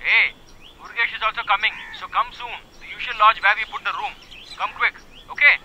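A man's voice: high-pitched, fairly quick, sharp tone, a little hiss or hum, poor audio. A man voicing a brash, boastful young man in a film dub. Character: brash young man, dismissive husband and crude friend.

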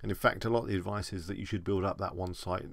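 A man's voice: sits low, steady tone, quick pace, vocal fry, dry recording. A man with an English accent, chatting casually as he answers viewer questions on a live stream.

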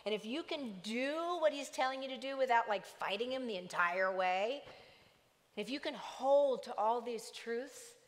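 A woman pastor preaching a sermon in a church, lively, with joking asides to the congregation. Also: a little high, moderate pace. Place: church sanctuary. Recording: church hall reverb.

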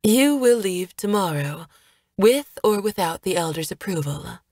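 A woman's voice: medium pitch, lively intonation, unhurried, darkish tone, dry recording, studio quality. A woman voicing a proud, guarded elf woman who speaks in a firm, formal way, in a storybook reading. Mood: resolute.

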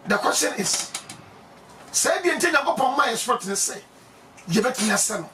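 A man with a Ghanaian accent preaching emphatically, laughing often and breaking into shouts. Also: extremely high pitch, expressive, moderate pace, recorded from a distance, soft background music. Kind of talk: animated preaching.

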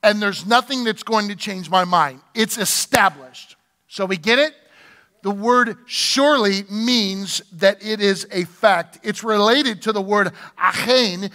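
A male pastor preaches slowly and deliberately to his congregation, his voice high and bright. The sound carries a long reverb from the church sanctuary. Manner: preaching with call-and-response to the congregation. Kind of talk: sermon.

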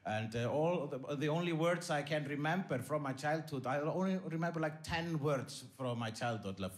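Deadpan guy doing stand-up in a theater, rambly, lots of uhs. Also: fairly high pitch, moderate pace, few pauses, slight background noise. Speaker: stand-up comedian. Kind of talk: stand-up comedy. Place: theater stage.

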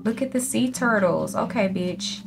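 A woman hosts a gaming video in loose, unscripted commentary. She curses constantly and keeps addressing her viewers directly at a mid pitch. Soft game music plays quietly behind her. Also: unhurried, vocal fry. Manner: profane, chatty, talks straight to viewers. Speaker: gaming channel host. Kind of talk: casual let's-play commentary. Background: faint game music.

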